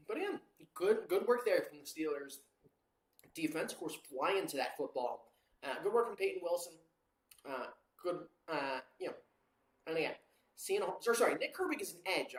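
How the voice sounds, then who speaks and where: A home play-by-play caller narrates a live game to a watchalong audience in a casual, rambling way. Fillers and quick self-corrections run through the calls. The voice sits at a middling pitch and echoes around a roomy room. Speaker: amateur play-by-play commentator.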